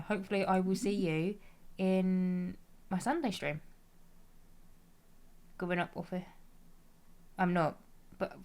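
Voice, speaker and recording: A woman's voice: medium pitch, a little mellow. A young British woman chatting casually on a game stream, reading chat aloud and answering with some swearing.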